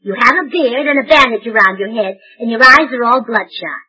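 A woman's voice: fairly high pitch, brisk, sharp tone, husky, poor audio. A woman giggling through scatterbrained lines in 1940s radio comedy acting.

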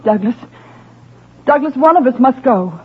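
A woman playing a young wife in a radio drama, emotional, sharp and theatrical. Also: sits high, lively intonation, unhurried, slightly rough, exaggerated voice. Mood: angry. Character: young wife, proud and desperate. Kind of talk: 1940s radio acting. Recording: tinny old radio broadcast with faint hiss.

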